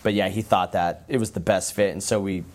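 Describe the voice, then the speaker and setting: A man, a former pro football player, telling relaxed, rambling stories as an interview guest, with frequent restarts. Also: deep voice, brisk. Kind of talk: casual interview storytelling.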